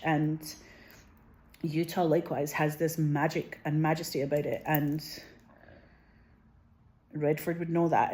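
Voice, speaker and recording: Woman, 40s, low voice, casual vlog monologue, rambling, swears a lot, says "like" constantly. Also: mellow. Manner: rambling and profane, heavy use of "like". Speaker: vlogger.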